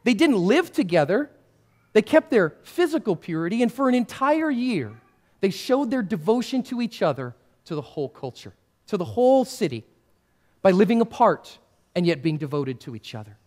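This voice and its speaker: A male pastor giving a first-person character sermon, addressing listeners directly and swinging between hushed and raised passages. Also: sits high, very animated, normal speed. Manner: speaks to listeners directly as "you" and "guys".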